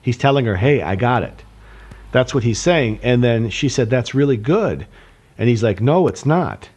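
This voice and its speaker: A man's voice: medium pitch, normal speed, darkish tone. A tired man co-hosting a comedy podcast, talking at length as he retells movie scenes in detail. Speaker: podcast co-host. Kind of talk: casual comedic chat.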